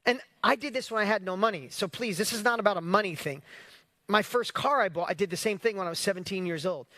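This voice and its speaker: Man, host, casual motivational livestream, energetic, rhetorical questions, high pitch, dry close sound. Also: fast talker, dry recording. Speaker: host of an online business challenge.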